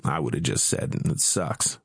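A man's voice: measured pace, dry recording, studio quality, lightly acted. A man voicing a wry, swaggering young army soldier in an audiobook, coarse and joking. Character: brash, crude young male army soldier. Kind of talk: audiobook character voice.

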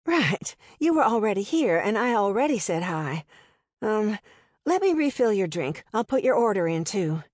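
A woman's voice: mid-range voice, sing-song, moderate pace, a little mellow, no room sound, clean studio sound. A woman voicing a nervous, distracted young diner waitress in an audiobook. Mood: flustered. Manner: distracted, uneasy.

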